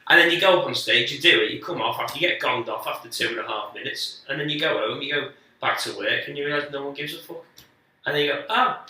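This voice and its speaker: A man tells loose, profane anecdotes and laughs at himself as a podcast guest. His tone is piercingly bright. He sounds a little distant from the microphone in a strongly echoing room. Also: mid-range voice. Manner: rambling, sweary anecdotes with quick self-mocking asides. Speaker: guest comedian. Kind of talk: casual podcast storytelling. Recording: echoey room, speaker distant from the mic.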